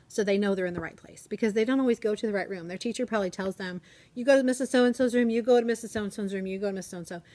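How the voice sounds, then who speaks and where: A middle-aged woman teacher talks casually to her camera in a classroom, rambling from one story to the next. Her tone is chatty and easygoing, and it lifts when she quotes the children. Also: medium pitch. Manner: chatty, rambling, animated when quoting kids. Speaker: elementary school teacher. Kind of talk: casual classroom vlog chat.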